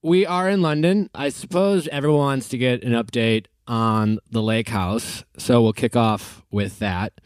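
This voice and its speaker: A man's voice: mid-range voice, a little slow, hardly any pauses, clean tone, no echo. Guy in his 40s telling a story on his podcast, chatty, medium voice, dry sound. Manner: chatty, laughing, loose storytelling. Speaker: podcast host. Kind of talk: casual chat. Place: hotel room. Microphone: remote call from a hotel room.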